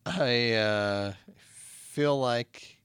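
A man's voice: medium pitch, drawn-out words, a bit bright, clean tone, no echo, studio quality. A man hosting an improvised comedy podcast, giggly and eager as he plays along. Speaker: podcast host.

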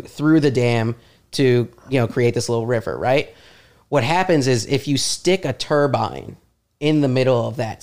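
Man explaining things in a smooth voice. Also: mid-range voice, a little mellow. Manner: explanatory, lightly self-deprecating. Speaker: podcast guest, comedian. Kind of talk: casual chat.

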